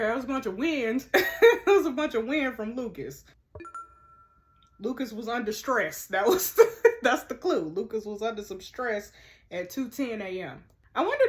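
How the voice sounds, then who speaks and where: Chatty woman narrating a mystery game. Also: a little high. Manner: chatty, talks to viewers, reads texts aloud. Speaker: gamer playing a mystery game. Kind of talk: casual let's-play commentary.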